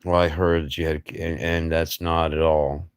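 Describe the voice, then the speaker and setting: Very deep-voiced man musing bluntly. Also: little pitch movement, normal speed, clear, resonant tone, no room sound, clean studio sound. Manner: blunt, profane, musing philosophically; rhetorical questions with mocking asides. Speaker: livestream host. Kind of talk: rambling livestream monologue.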